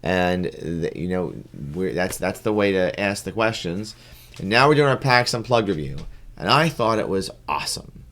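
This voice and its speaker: Male podcast co-host, very low voice, loose rambling delivery. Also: animated, normal speed, a bit bright. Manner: rambling, full of fillers and restarts. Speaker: podcast co-host and game judge. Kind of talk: casual podcast chat.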